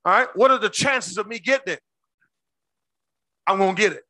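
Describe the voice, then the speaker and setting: High, bright-voiced preaching pastor. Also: male voice, dry recording. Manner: call-and-response questions to the congregation; slows down to stress words. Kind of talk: sermon.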